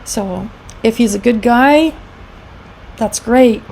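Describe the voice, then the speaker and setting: Mellow-voiced woman giving an educational talk. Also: fairly high pitch, slow pace, creaky, a little hiss or hum, poor audio. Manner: conversational, with frequent fillers and acted-out quotes. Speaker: founder of a domestic abuse support group, presenter.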